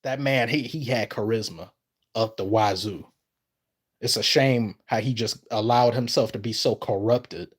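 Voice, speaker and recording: Rambling man chatting on a live stream. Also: unhurried. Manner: rambling, trails off and restarts sentences; lively, pitch jumps up when excited. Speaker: streamer answering chat. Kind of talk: casual live-stream chat.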